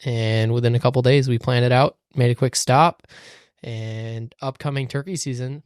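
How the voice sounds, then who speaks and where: Relaxed man, hunting guide guest. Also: mid-range voice, normal speed, clear, resonant tone, dry recording, studio quality. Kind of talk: casual podcast chat. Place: small studio room.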